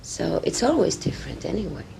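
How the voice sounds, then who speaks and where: Woman, actress, gravelly voice, halting, faint tape hiss. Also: fairly low pitch, very animated, mellow. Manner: halting, searching for words, many restarts. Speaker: actress and director, interview guest. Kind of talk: casual interview talk.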